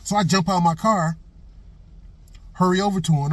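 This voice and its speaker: Over a noisy background, a middle-aged man speaks in a high-pitched voice at a moderate pace with long pauses. As a vlogger, he delivers a blunt, profane casual opinion monologue, telling stories and hammering his points with repeated phrases.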